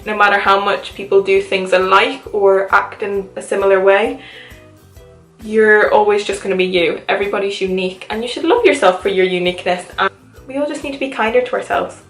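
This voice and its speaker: A 21-year-old vlogger from Ireland chats to camera at her home, upbeat and saying "like" a lot, her mixed Irish accent carrying touches of Liverpool and American speech. Her voice is medium-pitched, steady, a little fast and fairly bright. The low-quality recording sounds roomy, with soft background music.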